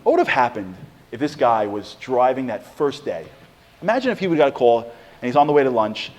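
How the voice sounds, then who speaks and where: This Torah talk comes from a middle-aged man with a mid-range, fairly quick voice. Telling his sermon as a story, he acts out each quote with growing intensity.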